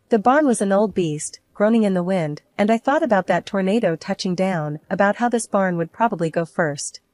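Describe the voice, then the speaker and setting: Brief: female narrator, tense dramatic first-person storytelling, close and dry, mid pitch. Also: darkish tone, no room sound.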